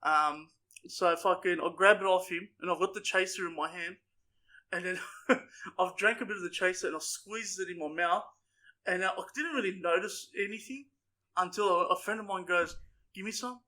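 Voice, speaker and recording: Crude stories, heavy swearing and plenty of laughter come from a young male podcast co-host in a rowdy, casual storytelling chat. His voice sits high and sounds pushed and bright, at a normal speed.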